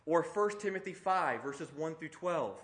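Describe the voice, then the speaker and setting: A man's voice: fairly high pitch, lively intonation, measured pace, a bit bright. A middle-aged man preaching an expository sermon, conversational and emphatic, with rhetorical questions. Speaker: pastor.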